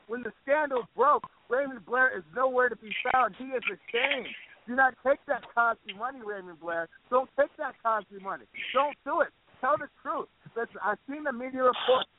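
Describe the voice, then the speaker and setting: A man lectures in a preachy wrestling promo, his voice pitched fairly high. The sound comes through a thin phone line. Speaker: wrestling persona.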